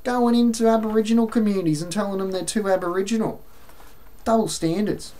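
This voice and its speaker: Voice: mid-range voice, fairly quick, dark tone. An Australian-accented vlogger delivering an exasperated, sarcastic opinion rant to camera, with mocking asides.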